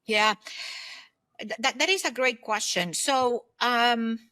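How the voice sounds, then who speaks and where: A woman's voice: on the high side, takes it slowly, sharp tone, no room sound. A woman in her fifties, an interview guest, telling long personal anecdotes in an earnest, reflective way. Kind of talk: conversational interview storytelling.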